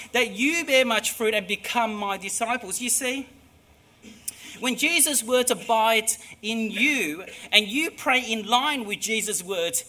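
A man preaching a sermon, emphatic, moving between hushed and loud delivery. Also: high-pitched.

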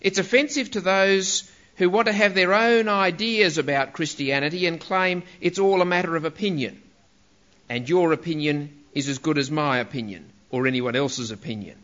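A man's voice: fairly high pitch, normal speed, fairly bright tone. A man preaching a sermon, emphatic and stressing single words, on a dull lo-fi recording.

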